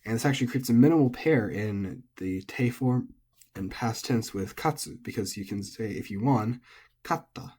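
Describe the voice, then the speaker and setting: A man's voice: medium pitch, moderate pace, warm tone, slightly rough. A man, an English speaker, giving a casual recorded language lesson, thinking aloud with frequent ums and self-corrections. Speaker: language teacher.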